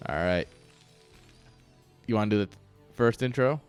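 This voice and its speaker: A man's voice: lowish voice, normal speed, clean tone, faint music behind. A man casting a game stream, chatting casually and teasing with lots of laughs. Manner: joking, teasing, laughs often. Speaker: esports caster.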